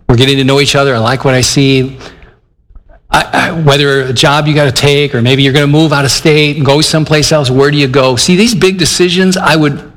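A man's voice: medium pitch, fairly bright tone. An older man from Michigan preaching a conversational sermon, earnest and plainspoken, acting out his own inner dialogue as he talks. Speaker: pastor. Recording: long hall reverb.

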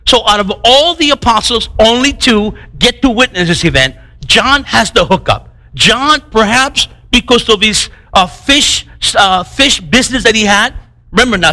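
A man preaching a sermon in a conversational, animated way, asking rhetorical questions and often repeating words as he restarts phrases. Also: high-pitched, rough recording. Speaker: pastor.

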